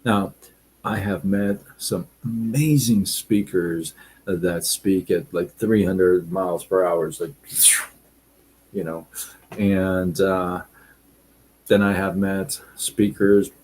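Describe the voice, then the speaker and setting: A man hosting a casual live stream, reading viewer comments and talking in a relaxed, deliberate way with frequent fillers. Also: low-pitched, a little hiss or hum, low-quality recording.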